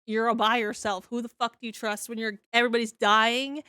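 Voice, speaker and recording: A woman's voice: fairly high pitch, little pitch movement, fairly quick, sharp tone, clear, resonant tone, dry recording, studio quality. Rambling young woman podcast co-host. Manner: rambling, lots of "like", swears casually. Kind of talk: casual chat, book review.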